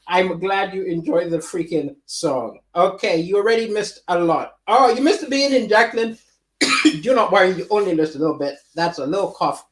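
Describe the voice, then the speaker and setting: A man's voice: high-pitched, moderate pace. Lisping man hosting a comedy livestream. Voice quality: slight lisp. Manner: animated, reads viewer chat aloud and riffs. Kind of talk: live-streamed comedy chat.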